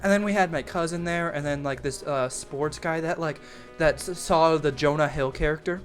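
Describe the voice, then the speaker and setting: A young adult man telling a camp story in a casual, profane, animated way, full of slang and "like". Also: on the high side, moderate pace, soft background music. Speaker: storytime YouTuber.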